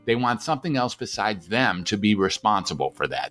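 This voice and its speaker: A man's voice: on the low side, lively intonation, a little fast, hardly any pauses, a bit bright. A man who is a psychiatrist, speaking as a guest in a podcast interview, emphatic and rhetorical, repeating phrases for effect.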